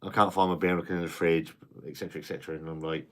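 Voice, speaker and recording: A man's voice: sits low, fairly even intonation, very fast, a bit bright. A man hosting a casual live stream, chatting, reading viewer comments, and rambling with frequent restarts and the odd swear word.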